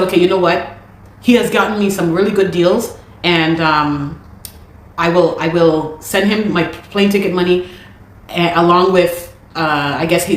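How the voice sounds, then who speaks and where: Woman, low-pitched, emphatic personal storytelling, indignant, roomy echo. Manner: emphatic and indignant, repeats key points.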